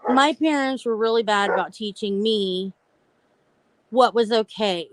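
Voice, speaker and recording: On her mental health live stream, a woman talks openly about her own life, chatting casually and speaking straight to viewers. Her voice is mid-range and unhurried, with some background noise.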